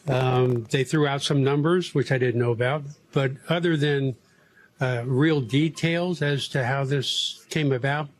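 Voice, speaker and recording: A man's voice: medium pitch, unhurried, faint music behind. A man being interviewed, answering plainly and briefly, unimpressed.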